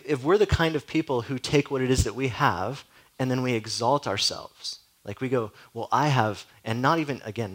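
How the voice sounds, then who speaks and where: A man's voice: medium pitch, a bit bright, rough recording. Conversational male pastor preaching. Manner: conversational, peppered with "like" and direct questions. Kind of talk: sermon.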